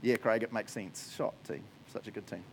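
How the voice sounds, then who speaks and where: A man's voice: on the low side, normal speed, vocal fry, a little hiss or hum. A man giving a casual, joking sermon, often laughing as he talks. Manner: chatty, jokey, laughs often. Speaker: preacher.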